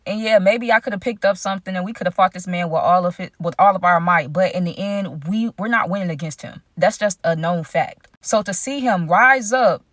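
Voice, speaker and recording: A woman's voice: lowish voice, fairly quick, hardly any pauses, a bit bright, no room sound. Dramatic woman telling a story, dry and close. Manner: dramatic, talks straight to viewers. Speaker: storytime vlogger. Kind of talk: casual storytelling to viewers.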